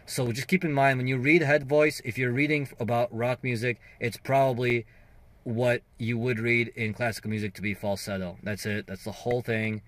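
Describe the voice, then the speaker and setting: A man's voice: mid-range voice, flat delivery, normal speed, fairly bright tone. Man giving a casual singing lesson. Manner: conversational explaining with fillers and sung demos. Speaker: singing and guitar teacher.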